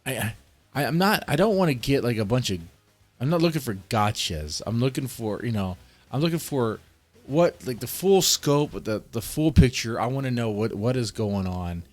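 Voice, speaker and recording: A man's voice: medium pitch, expressive, normal speed, faint music behind. A man who works as a child protective services caseworker, casually explaining how he questions children, thinking aloud step by step.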